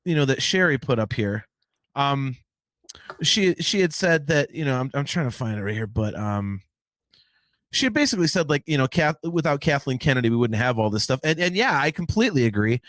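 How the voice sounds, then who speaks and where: A man's voice: mid-range voice, big pitch swings, brisk, a bit bright, no room sound. A man hosting a podcast in casual chat, rambling with many restarts and fillers. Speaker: podcast host.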